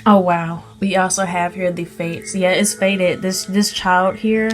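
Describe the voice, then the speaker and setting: A woman's voice: lowish voice, flat delivery, measured pace, faint music behind. Gushing chatty woman reading tarot. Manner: chatty, gushing, many ums and restarts. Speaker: spirit baby medium giving a tarot reading. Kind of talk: casual tarot reading to viewers.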